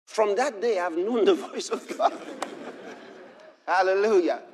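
A man preaching a sermon, telling a personal story and reading scripture, building to impassioned shouts. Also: sits high, measured pace, a faint crowd, slight background noise.

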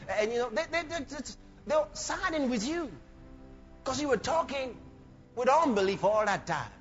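A man preaching a sermon with passion, often shouting lines out and acting out other people's voices. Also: extremely high pitch, lively intonation, normal speed, soft background music. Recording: lo-fi recording with long hall reverb.

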